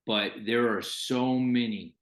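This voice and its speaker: A man's voice: mid-range voice, slow pace. A man hosting a podcast, speaking earnestly and affirmingly to his guest. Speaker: podcast host. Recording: roomy echo.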